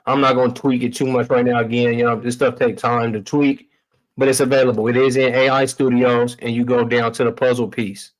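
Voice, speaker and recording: A man hosting a livestream talks through tech demos briskly in a mid-range, level voice. He's casual and slangy, calling out to y'all, and the audio is poor.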